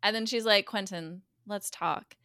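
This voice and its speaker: A woman guest co-hosting a podcast recaps a TV episode in casual chat, her mid-range voice clean and studio-recorded with no room sound. An animated storyteller, she acts out the characters' lines with quick voice shifts.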